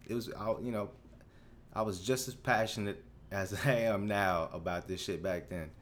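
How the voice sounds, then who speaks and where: A man's voice: fairly low pitch, unhurried, a little hiss or hum. Rambling, profane young man podcasting. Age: 20s. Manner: rambling, profane, animated storytelling with many restarts. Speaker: podcast host. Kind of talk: casual solo podcast monologue.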